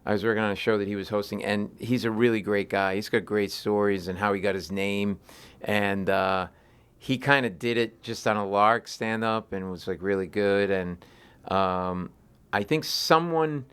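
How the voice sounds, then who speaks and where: A man, a comedian, telling animated stories in an interview and acting out voices in his anecdotes. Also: lowish voice, normal speed, clear, resonant tone. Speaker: comedian guest. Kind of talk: storytelling interview chat.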